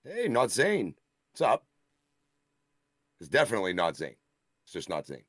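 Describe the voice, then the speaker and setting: A man's voice: fairly low pitch, huge pitch swings, moderate pace, no echo, clean studio sound. A man co-hosting a wrestling review live stream, joking around and laughing often. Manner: joking, laughs often, slips into put-on Boston voices. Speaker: wrestling show co-host. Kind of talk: casual live-stream banter.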